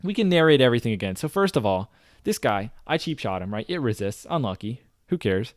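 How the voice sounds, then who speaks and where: A man casually commenting on his own game footage for viewers, chatty and excitable, often talking straight to the audience. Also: mid-range voice, a little fast, no room sound, studio quality. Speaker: gaming streamer reviewing his own clips.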